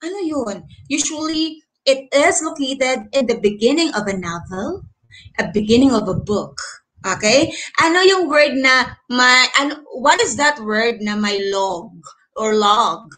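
A woman's voice: high-pitched, lively intonation, measured pace, pushed and bright, low-quality recording. A woman with a Filipino accent teaching an online lesson, mixing English and Tagalog and checking in with frequent questions to her learners. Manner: encouraging, checks in with frequent "okay?".

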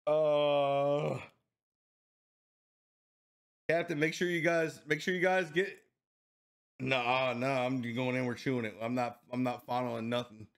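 A man vlogging a spicy food challenge, excitable and swearing, groaning and coughing as the heat hits him. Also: mid-range voice, unhurried. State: in pain from heat, teary. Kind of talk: casual food challenge vlog.

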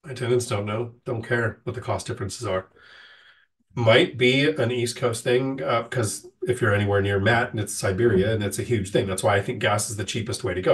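A man with a fairly low voice, picked up far from the mic, hosts a casual livestream Q&A. Slightly nasal as he gets over a cold, he reads out viewer questions and answers each at length in a plain-spoken way.

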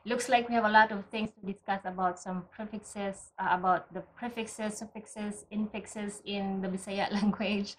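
A woman's voice: mid-range voice, slight background noise, poor audio. Woman teaching a patient language lesson. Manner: patient, explains step by step, often checks with "okay?".

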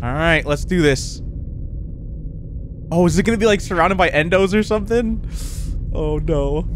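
A man hosting a let's play video, reacting with lots of excited exclamations. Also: on the high side, normal speed, slight background noise. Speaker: gaming video host.

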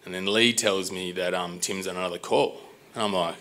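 A man with an Australian accent telling a live personal story, animated and exasperated, swearing and acting out dialogue. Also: sits low, brisk.

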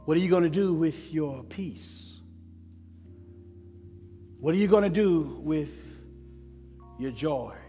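A male pastor delivers a sermon, his high voice unhurried and drawn out. He builds in waves of repeated questions. The sanctuary rings with long reverb over soft instrumental music. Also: lively intonation. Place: church sanctuary.

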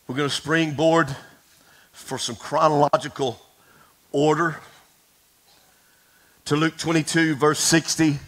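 A pastor delivers a sermon in a high, bright voice. He tells the story with drama, falling to near whispers and climbing to shouts as he speaks right to his congregation. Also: flat delivery, slow, long pauses, rough recording. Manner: dramatic storytelling, dropping to a hush and rising to shouts; addresses the congregation directly.

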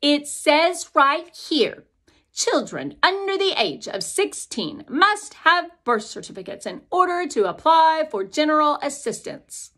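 A woman putting on a brusque female clerk from a storybook, officious and rule-bound, with a voice pitched well above the reader's own and a slightly odd, altered tone. She reads the rules aloud at a slow, deliberate pace. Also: sing-song, sharp tone, heavily acted.

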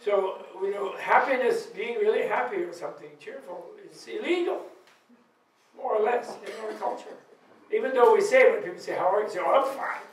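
Guy with a fairly high voice giving a loose buddhist talk, laughs a lot, echoey hall, mic far off. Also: fairly quick. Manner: animated storytelling, laughs often, acts out quoted voices. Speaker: Buddhist teacher. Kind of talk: informal dharma talk at a retreat. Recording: echoey room recorded from far off.

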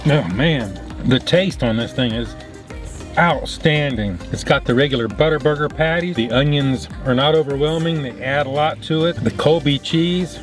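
A man casually reviewing fast food in his car, enthusiastic and talking with his mouth full. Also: fairly high pitch.

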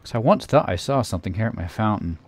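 A man narrating a scary game playthrough in a theatrical way, dropping to a hush and then shouting in panic. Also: on the low side, lively intonation, fast talker, slight background noise. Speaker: let's player. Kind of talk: acted creepypasta gameplay narration.

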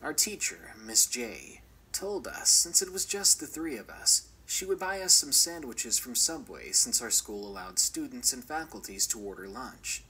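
A man reading a first-person horror story aloud as scripted narration, measured and often dropping to a whisper. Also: medium pitch, animated, sharp tone, breathy edge, low-quality recording.

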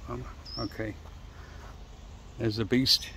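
A middle-aged man chats to camera as he wanders outdoors, in an unhurried, meandering way with plenty of pauses. He talks straight to his viewers, and faint outdoor noise hums behind him. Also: mid-range voice, level tone, bright, forceful tone. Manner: chatty, rambling, addresses viewers directly. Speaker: motorcycle vlogger. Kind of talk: casual chat to camera. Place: outdoors by a church and graveyard.

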